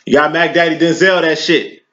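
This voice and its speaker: A man's voice: fairly high pitch, steady tone, moderate pace, pushed and bright. A man giving a casual tarot reading, talking in slang and preaching, always checking in with "you know what I'm saying". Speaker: tarot reader. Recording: dull lo-fi recording.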